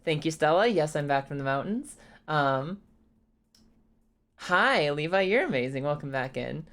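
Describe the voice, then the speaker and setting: A young woman streamer chatting casually and congested, rambling, swearing freely and breaking into high laughs. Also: lively intonation, measured pace. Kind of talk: casual live-stream chat.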